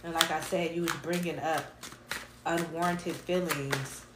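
A woman doing a casual tarot reading, animated and full of slang, laughing and humming between cards. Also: low voice, a little slow, roomy sound, very noisy. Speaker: tarot reader.

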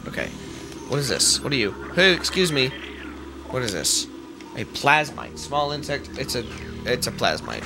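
Excitable, lively-pitched man playing a game. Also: moderate pace. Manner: excitable, joking, swears often. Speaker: let's play host. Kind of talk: gameplay commentary. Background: game music.

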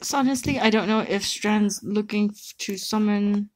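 A woman chatting casually as she plays a mobile game, excitable and pleading, swearing when the results go wrong. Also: mid-range voice, normal speed. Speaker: co-host summoning for a viewer. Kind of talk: casual chat while playing a mobile game.

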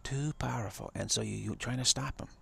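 A man's voice: mid-range voice, fairly quick, gravelly, fairly bright tone, slightly rough. A man giving an emphatic spiritual talk on a live stream. He repeats phrases for emphasis and chuckles often.

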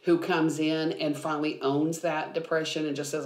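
A woman's voice: sits low, level tone, moderate pace, darkish tone. A woman biblical counselor explaining things earnestly in a podcast conversation, with frequent ums. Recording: roomy echo.

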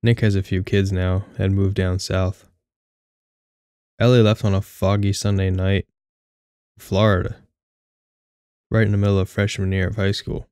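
Wry, low-voiced man reading a story. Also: little pitch movement, unhurried, long pauses, a little mellow, clean tone, no echo, studio quality. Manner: candid, wry, casually profane. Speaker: audiobook narrator. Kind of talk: first-person story reading.

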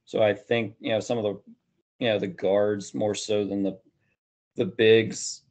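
A man's voice: lowish voice, little pitch movement, a little slow, a little mellow. A man hosting a casual sports podcast, rambling and hedging with plenty of "you know" fillers. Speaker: podcast host.

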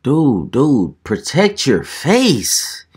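A man's voice: mid-range voice, wildly swooping pitch, extremely slow, noisy background. A man hosting a reaction video, making joking, slangy comments over fight clips. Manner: joking, slangy, laughing asides.

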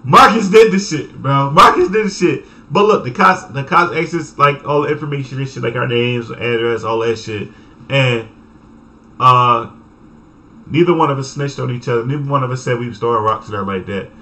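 A young man telling a story from his childhood in a casual, animated way, full of cursing and laughter. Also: mid-range voice, moderate pace. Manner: animated, profane, laughing, acts out voices. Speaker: vlogger.

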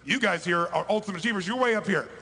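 High-pitched man preaching success in a big hall. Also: quick pace, very noisy. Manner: emphatic, swings between loud bursts and hushed lows. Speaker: motivational speaker. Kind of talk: motivational seminar speech. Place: large hall before a live audience.

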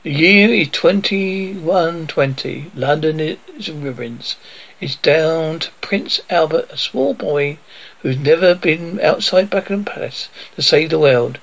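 A man reads a children's story aloud, acting out each knock and crash as a spoken sound effect. His voice sits a little high and has a gravelly rasp. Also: fairly bright tone, poor audio. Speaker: storyteller reading his book.

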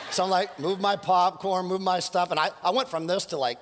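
A male pastor preaching a sermon, telling stories with playful asides and building to fired-up calls, his voice a little hoarse from preaching several services. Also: sits high, brisk, few pauses, background noise. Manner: animated, storytelling with playful asides and rising exhortations. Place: church sanctuary. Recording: long church hall reverb.

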